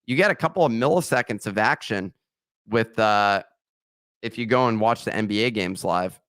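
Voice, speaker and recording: A man's voice: lowish voice, normal speed, fairly bright tone, no echo. A man hosting a podcast, reading a sponsor ad with joking asides and slips of the tongue. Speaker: podcast host. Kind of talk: casual podcast chat with ad read.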